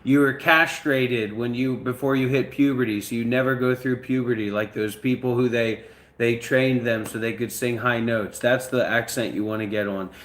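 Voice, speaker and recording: Male host, casual talk, demanding and profane, mid pitch, echoey room recording. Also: fairly even intonation, normal speed, a bit bright. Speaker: channel host.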